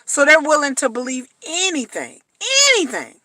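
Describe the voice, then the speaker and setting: A woman delivers a blunt, slangy vlog commentary, hammering her points home with repetition. Her voice sits high and sounds bright and forceful. The recording is dry and close. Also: sing-song, normal speed, dry recording. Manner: blunt, emphatic, slangy, repeats phrases. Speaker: reality TV commentator.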